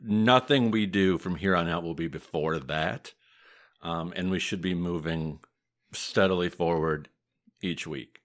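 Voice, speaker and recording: Deep-voiced Midwestern man telling history. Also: unhurried. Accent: Midwestern American. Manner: steady, matter-of-fact storytelling with dry humor. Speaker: podcast host, mafia historian. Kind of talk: casual podcast chat.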